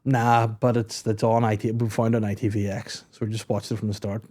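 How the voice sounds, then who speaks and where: A man's voice: lowish voice, flat delivery, fairly quick, a little mellow. A man, a podcast guest, telling stories in casual comedic chat, laughing and swearing. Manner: easygoing storyteller, laughs often, swears.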